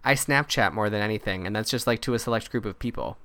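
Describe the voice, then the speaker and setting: A man chatting on a podcast, his voice smooth and resonant. The sound is dry and close, and he talks loosely, retelling scenes with little quoted bits. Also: lowish voice, fast talker, sharp tone, dry recording. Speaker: podcast co-host. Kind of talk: casual chat.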